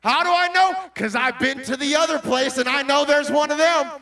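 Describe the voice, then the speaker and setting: A man with a very high, bright voice preaches to a young crowd as a Christian motivational speaker. He calls out questions and breaks into shouts, and he is picked up from well back from the mic. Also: moderate pace, far from the mic. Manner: bursts into shouts.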